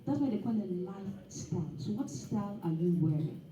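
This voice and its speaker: Woman, lively preachy motivational talk, mellow tone, echoey hall, distant mic. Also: mid-range voice, fairly quick, dull audio, slight background noise. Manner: animated and preachy, with laughs and acted asides. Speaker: guest speaker. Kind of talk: motivational speech at a dinner. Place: event hall.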